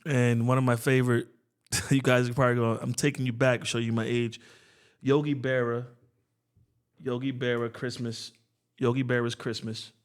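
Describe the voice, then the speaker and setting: A man's voice: mid-range voice, level tone, normal speed, smooth. A man co-hosting a podcast in casual chat, rambling and playful, often repeating and restarting his words. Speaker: podcast co-host.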